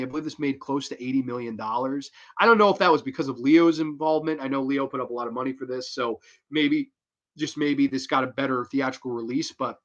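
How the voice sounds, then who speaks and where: A man hosting horror film reviews in a loose, rambling, profane and animated way. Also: mid-range voice, muffled recording. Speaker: horror movie reviewer, host. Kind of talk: casual spoken film review.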